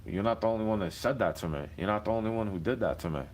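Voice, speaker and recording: Low-voiced man ranting, profane. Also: rapid-fire, a little mellow. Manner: heated, profane, rambling. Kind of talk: ranting monologue to camera.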